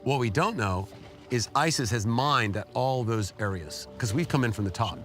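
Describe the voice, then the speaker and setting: A man's voice: normal speed, soft background music. Earnest middle-aged man telling a war story. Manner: emotional, earnest storytelling with sudden rises in pitch. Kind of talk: personal testimony.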